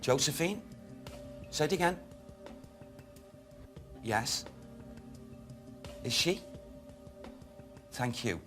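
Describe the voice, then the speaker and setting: A man working as a medium on a ghost hunt, speaking haltingly and addressing unseen spirits. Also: medium pitch, expressive, over music. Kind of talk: psychic reading on a ghost hunt. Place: dark old historic building, indoors.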